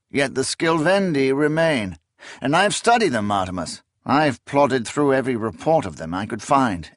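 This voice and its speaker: Male narrator doing an elegant officer voice, higher, lofty and lecturing, audiobook drama. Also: no echo, studio quality, natural voice. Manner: polished, lecturing tone. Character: refined aristocratic male imperial officer, learned and smug.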